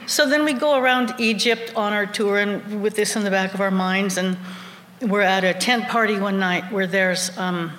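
An animated woman recounting a personal adventure on stage, her voice at a middle pitch. She chuckles through her own story, and the sound echoes around a roomy hall with a long reverb and faint ambience. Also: normal speed, a little hiss or hum.

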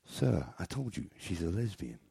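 A man's voice: low-pitched, sing-song, normal speed, creaky, warm tone, husky, heavily acted. A man voicing a patient, weary bartender in a pub joke. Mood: patient, dry.

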